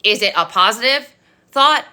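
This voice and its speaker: A woman's voice: fairly high pitch, expressive, normal speed, sharp tone. A young woman coaching on manifestation, talking bluntly and emphatically, swearing freely and repeating her points. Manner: preachy, repetitive. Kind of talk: motivational monologue.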